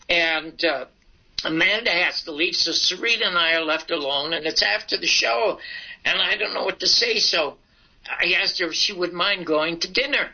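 An older man, a comedian, telling anecdotes from his career in a casual, animated way and acting out the dialogue. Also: high-pitched. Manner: animated, acts out quoted dialogue. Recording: muffled lo-fi recording.

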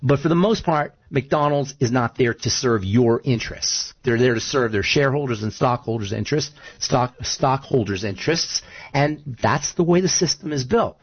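A man's voice: mid-range voice, normal speed, breathy edge, no room sound, muffled recording. A man hosting a casual talk show, rambling and argumentative, making his case with lots of asides. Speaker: show host.

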